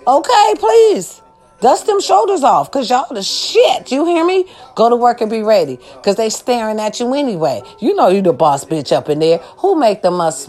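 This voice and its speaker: An older woman giving a loud, sassy, profane pep talk to her followers. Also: lowish voice. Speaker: vlogger.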